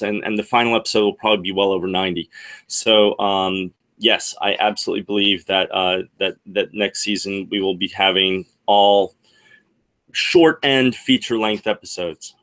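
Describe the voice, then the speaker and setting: A man with a lowish voice co-hosts a livestream discussion. He talks with animation and throws out rhetorical questions to the audience. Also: steady tone, normal speed, a bit bright. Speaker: co-host.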